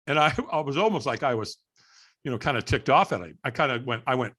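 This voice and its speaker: A middle-aged man telling a story as a guest on a podcast, animated and acting out the voices of people in the story. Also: mid-range voice, quick pace. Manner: animated storyteller, acts out quoted dialogue. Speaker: guest, firewalk instructor.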